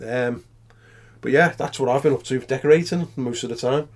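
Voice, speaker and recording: A man co-hosting a podcast, chatting casually and getting loud and laughing when he tells a story. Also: medium pitch, moderate pace. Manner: relaxed chat that turns loud and laughing in anecdotes. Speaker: podcast co-host. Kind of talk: casual chat.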